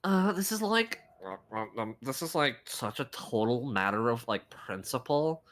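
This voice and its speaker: A man's voice: mid-range voice, animated, measured pace, fairly bright tone. A man voicing a ditzy young valley girl customer who fills every phrase with "like". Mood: indignant. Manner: airy, full of "like" fillers.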